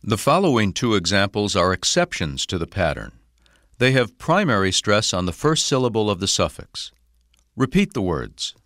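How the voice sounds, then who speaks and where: A man giving scripted instructions in a pronunciation lesson, slow and carefully enunciated. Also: lowish voice, big pitch swings, a bit bright, no room sound, studio quality.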